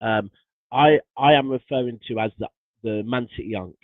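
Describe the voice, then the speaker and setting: A man's voice: mid-range voice, normal speed, dry recording. A man talking football on a livestream as a guest, exasperated and passionate, swearing a lot, heard through a tinny phone-like mic. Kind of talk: casual football chat on a livestream.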